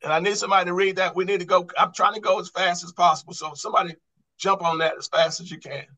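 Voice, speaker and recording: A man's voice: high-pitched, steady tone, fast talker, pushed and bright, low-quality recording. A man teaching a Bible study class on grammar, quizzing the group with repeated questions and restarting his phrases to stress a point.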